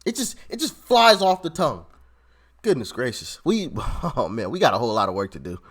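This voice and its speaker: Male reaction host, mid-pitched, chatty and animated, stumbles and repeats words. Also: a little fast, slightly rough. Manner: animated, repeats himself, laughs often. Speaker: commentator reacting to clips. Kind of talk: casual reaction commentary.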